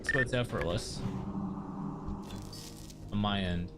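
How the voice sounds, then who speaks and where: A man's voice: lowish voice, slow, loud music behind the voice. A man chatting casually on a livestream, blunt and swearing freely. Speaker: streamer.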